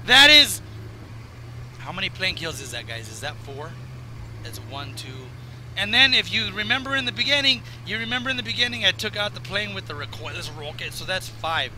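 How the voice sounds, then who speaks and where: A man with a high, very bright voice that has gone raw and strained talks through a video game. He rambles and jokes, jumping between excitement and low muttering. A faint hiss sits under the recording. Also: moderate pace, poor audio. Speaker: gaming commentator. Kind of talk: casual gameplay commentary.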